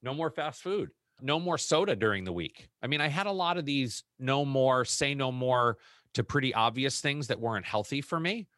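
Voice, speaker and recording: A middle-aged man co-hosting a podcast in casual chat, reflective and unhurried, laughing easily. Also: mid-range voice, expressive, a bit bright, dry recording, clean studio sound. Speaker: podcast co-host.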